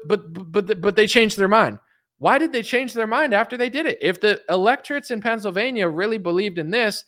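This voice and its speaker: A young man with a fairly high voice rants about politics, blunt and emphatic, circling back over the same points and swearing freely. The sound is dry and close, with almost no room echo. He talks in loose, unscripted runs. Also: fairly bright tone. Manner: rambling, emphatic, blunt, swears, repeats himself. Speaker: political commentator.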